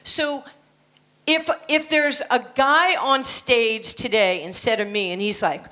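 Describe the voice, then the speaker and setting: A woman's voice: on the high side, steady tone, slow, sharp tone. An American woman in her sixties giving a motivational talk at a conference, blunt and confident with joking asides. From United States. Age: 60s. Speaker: keynote speaker. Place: conference stage, indoors.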